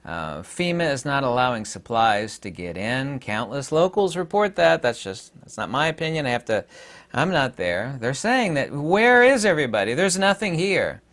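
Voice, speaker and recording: A man's voice: medium pitch, sing-song, moderate pace, fairly bright tone. A man hosting his own opinion vlog, talking in an emphatic, rambling, indignant way. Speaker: channel host.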